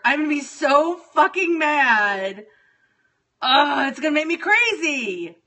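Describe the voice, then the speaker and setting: A middle-aged woman with a high-pitched, sharp voice chats casually with her viewers on a livestream. She comes across scattered and exasperated, swearing freely.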